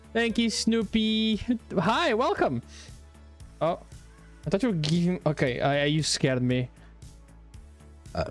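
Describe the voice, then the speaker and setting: Chatting casually on a live stream, this man rambles to his viewers with playful excitement and plenty of swearing. His voice is a little high.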